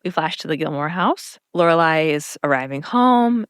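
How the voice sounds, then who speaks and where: A woman with a low, smooth voice co-hosts a podcast, casually recapping a TV episode at a normal pace. She tells it in an animated way and acts out the characters' lines. The recording is dry and of studio quality.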